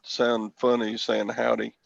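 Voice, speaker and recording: A man's voice: mid-range voice, monotone, a little slow, creaky, no room sound. A man joining a casual morning chat show, joking and teasing. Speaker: regular guest. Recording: lo-fi dull sound.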